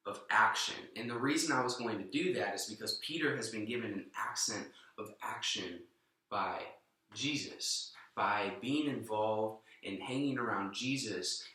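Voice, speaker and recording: Young man, casual earnest preacher, bright tone, distant mic. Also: fairly low pitch, heavy reverb. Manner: earnest, informal, with frequent restarts. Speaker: youth minister. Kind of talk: short sermon message.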